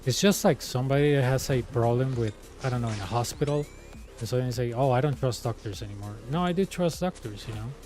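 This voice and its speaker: A man's voice: mid-range voice, quick pace, a little mellow, soft background music. A man whose first language is Spanish, chatting casually and rambling through stories with many restarts while streaming a game. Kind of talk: casual chat while gaming.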